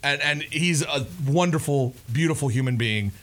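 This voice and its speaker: A man's voice: fairly high pitch, normal speed, fairly bright tone. A man co-hosting a podcast, telling stories in a playful, rambling casual chat. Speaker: podcast co-host.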